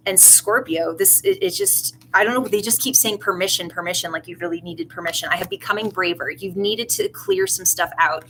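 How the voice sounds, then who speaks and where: A woman's voice: on the low side, sing-song, a little fast, few pauses, fairly bright tone, a little hiss or hum, rough recording. A woman doing a tarot reading in a casual, rambling way, earnest and emotional. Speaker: tarot reader.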